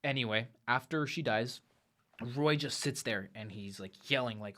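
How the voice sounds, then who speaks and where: A young man hosting a movie review podcast retells a film's plot in a casual, animated monologue, briefly acting out the characters' lines. His voice is lowish and he speaks a little slowly.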